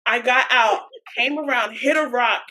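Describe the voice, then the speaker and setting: A woman's voice: a little high, normal speed, a little hiss or hum. A woman co-hosting a podcast, telling a funny story in casual chat while laughing so hard she cries. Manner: laughs through her story, giggly and animated. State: crying with laughter. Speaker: podcast co-host.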